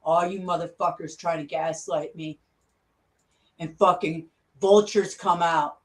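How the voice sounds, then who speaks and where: A woman's voice: fairly low pitch, fairly even intonation, measured pace. A woman vlogger ranting angrily, swearing constantly and repeating herself. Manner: furious, swearing constantly, repetitive. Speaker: conspiracy vlogger. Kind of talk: angry profane rant.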